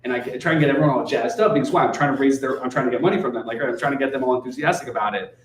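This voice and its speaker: Male guest speaker, mid-pitched, chatty and loose, with a habit of asking "right?", recorded off-mic in a reverberant room. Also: racing. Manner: swears casually. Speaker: guest speaker, real estate investor. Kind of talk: casual talk at a meetup. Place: meetup room. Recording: echoey room, distant mic.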